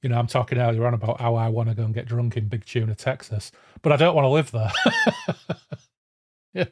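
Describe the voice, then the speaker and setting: A man's voice: medium pitch, huge pitch swings, brisk. A man talking over a book in a casual podcast, fluent and reflective with a wry edge. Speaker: podcast guest.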